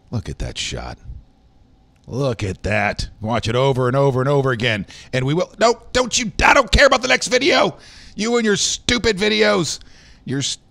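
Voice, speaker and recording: A man hosting a casual news chat show, rambling through stories with many fillers. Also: rumbling low. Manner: rambling, rough news rundown full of fillers. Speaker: host.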